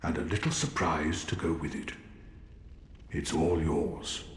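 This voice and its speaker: An actor playing a jovial, kindly knight with a hearty, theatrical manner in a game. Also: male voice, very deep voice, measured pace, slight background noise. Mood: cheerful. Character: jovial onion-armored male knight, hearty and kind. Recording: game audio in a roomy, echoing hall.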